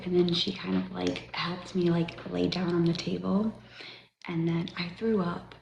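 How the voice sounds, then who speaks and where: A middle-aged woman livestreaming, chatting and rambling as she tells a personal story, swearing freely and often dropping to a breathy near-whisper. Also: fairly low pitch, flat delivery, a little slow, lo-fi sound. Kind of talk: casual storytelling to viewers. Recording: echoey room with faint noise.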